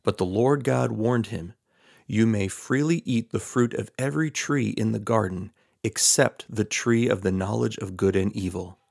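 A man reading scripture aloud in a steady, measured way, lightly voicing the quoted speech. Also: lowish voice, gravelly, husky, no echo, studio quality. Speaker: Bible reader.

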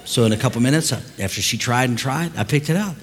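An older man, a pastor, telling stories in a sermon, moving from quiet asides to loud preaching. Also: mid-range voice, expressive, fast, big-room sound. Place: large church hall.

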